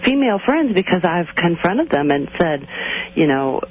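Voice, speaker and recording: A woman calling in to a radio show, halting and defensive as she explains her situation. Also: fairly low pitch, very animated. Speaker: caller. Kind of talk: call-in radio conversation. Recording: tinny phone line.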